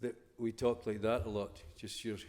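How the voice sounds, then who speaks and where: A man's voice: fairly low pitch, little pitch movement, moderate pace, a little mellow, big-room sound. A Scottish man giving a playful, conversational chapel talk to students, full of rhetorical questions. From Scotland. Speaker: school chapel speaker. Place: school chapel.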